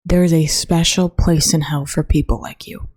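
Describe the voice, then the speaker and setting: Low-voiced young woman rambling, profane. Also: moderate pace, slightly rough, dry recording, clean studio sound. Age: young adult. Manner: rambling, profane, flatly bored. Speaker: college student podcast host. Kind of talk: casual solo podcast monologue. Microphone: own desk microphone.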